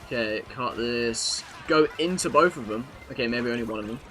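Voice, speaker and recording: A young British man streaming a kart-racing game, with a bright, forceful voice that carries easily. He chats loosely to his viewers between races and swears freely. Faint game music plays underneath him. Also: medium pitch, normal speed. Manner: chatty, swears freely, talks to chat while playing. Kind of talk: casual live-stream commentary.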